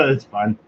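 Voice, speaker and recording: A man talks casually in a somewhat high voice, full of sarcasm and easy laughter. The recording is muffled and lo-fi, with a faint hiss of noise behind him. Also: a bit bright. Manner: sarcastic, laughs often, swears freely. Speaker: host of a motorized bicycle talk show. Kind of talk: casual solo chat. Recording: dull lo-fi sound with faint background noise.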